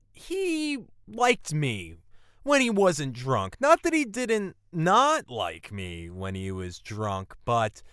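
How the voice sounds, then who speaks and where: A man telling a personal story, wry and animated. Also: clean tone, no room sound, clean studio sound. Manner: wry, animated storytelling with lively pitch swings. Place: apartment life in New York City.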